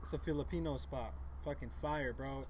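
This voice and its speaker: A man's voice: mid-range voice, normal speed, a little mellow, slight background noise. A man from Portland chatting on a podcast, hyped and slangy, calling everyone bro. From Portland, Oregon. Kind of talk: casual podcast chat.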